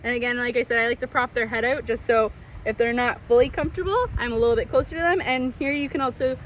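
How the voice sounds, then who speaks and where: A woman's voice: a little high, steady tone, quick pace, slight background noise. A young woman, a swim instructor, giving tips to parents at a pool, switching into sing-song baby talk. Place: swimming pool.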